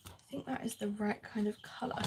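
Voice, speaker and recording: A woman's voice: medium pitch, fairly even intonation, brisk, noisy background. A woman chatting casually as she crafts on a live stream, laughing often and answering viewer comments. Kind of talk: casual chat while crafting.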